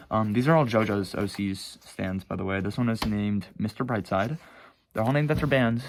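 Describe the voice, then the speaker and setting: A man's voice: fairly low pitch, vocal fry, slight background noise. A teenage boy casually rambling about his own sketchbooks at home, swearing and mocking himself. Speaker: vlogger showing his sketchbooks. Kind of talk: casual chat.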